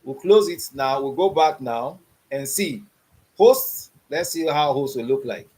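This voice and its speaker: At medium pitch and normal speed, with a darkish tone, a coding instructor teaches an online beginners' class. He asks "you understand what I'm saying?" over and over and quizzes students with open "what?" questions.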